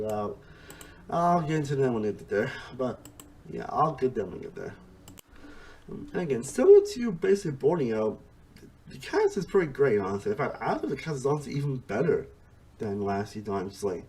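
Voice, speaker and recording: A man's voice: medium pitch, dark tone. A man giving a casual spoken review of a TV series, rambling along, restarting his sentences and leaning on "honestly" and "again" as he goes. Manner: restarts sentences mid-thought. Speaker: TV show reviewer.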